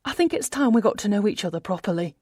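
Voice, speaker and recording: A woman's voice: medium pitch, expressive, fast talker, a little mellow, slightly rough, no room sound, studio quality. A woman narrator voicing an older motherly woman who speaks affectionately and coaxingly. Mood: tender.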